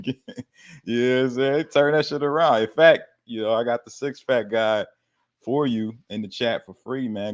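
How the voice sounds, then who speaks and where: A man hosting a casual livestream Q&A about fitness, with laid-back slangy banter, frequent laughs and casual swearing. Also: fairly low pitch. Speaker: fitness coach hosting a live Q&A.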